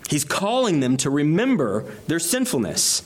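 A man's voice: on the high side, wildly swooping pitch, normal speed, a little hiss or hum. A man preaching an expository sermon, reading scripture aloud and explaining it verse by verse with rising emphasis on key phrases. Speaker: pastor.

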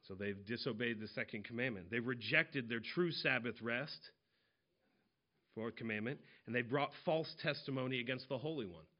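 A man's voice: mid-range voice, normal speed, muffled recording. A man preaching an expository sermon in a conversational way, walking through scripture verse by verse. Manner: conversational expository preaching, retelling parables in casual voices.

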